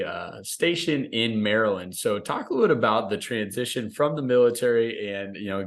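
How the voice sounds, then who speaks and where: A man hosting a podcast, asking conversational questions with frequent affirmations. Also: fairly low pitch. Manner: conversational, frequent backchannel yeahs. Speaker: podcast host. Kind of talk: interview questions.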